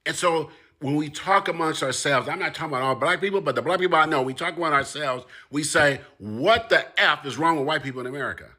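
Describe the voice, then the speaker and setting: A man's voice: fairly high pitch, fast talker. A man speaking straight to his audience in an impassioned monologue, pressing his points with repetition and rising emphasis. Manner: forceful, rising and repeating for emphasis. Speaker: commentator. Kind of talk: impassioned direct-to-camera monologue.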